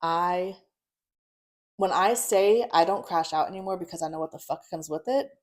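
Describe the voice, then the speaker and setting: A young woman, a podcast guest, telling her own story in a blunt, profane, animated way and laughing often. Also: on the low side, moderate pace. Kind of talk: casual storytelling.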